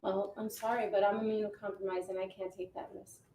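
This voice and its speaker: A woman's voice: mid-range voice, little pitch movement, brisk, dark tone, natural voice. A woman playing a curt, sarcastic divorced mother in acted drama dialogue. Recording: roomy with faint noise.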